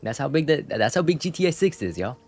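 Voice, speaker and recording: A young man streaming a game live, chatting in a casual, animated way with lots of slang as he rants. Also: fairly high pitch, fast, husky, faint music behind. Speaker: gaming streamer. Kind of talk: live gameplay commentary.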